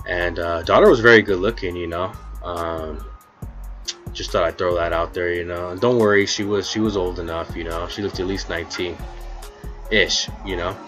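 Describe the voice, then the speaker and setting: A low-voiced man telling a casual, rambling story about his rideshare driving days. He swears freely and leans on "you know" after almost every line. Faint music plays underneath. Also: steady tone, normal speed, fairly bright tone. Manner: rambling, profane, constant "you know" fillers. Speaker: former rideshare driver.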